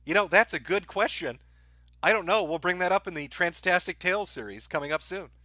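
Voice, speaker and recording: A man's voice: sits high, expressive, fairly quick, pushed and bright, no echo. Offhand male streamer, dry close sound. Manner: dry, offhand reading with frequent "uh" fillers; crude, irreverent humor. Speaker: livestream host. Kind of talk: reading viewer donation messages on a stream.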